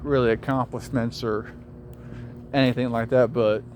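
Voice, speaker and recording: A man's voice: medium pitch, level tone, moderate pace, darkish tone. A young man with a Southern accent, rambling and reflective as he walks down a city street, talking to a phone, swearing casually. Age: young adult. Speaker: vlogger. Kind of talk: casual walking vlog monologue. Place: outdoors on city streets, passing traffic. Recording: faint street and traffic noise.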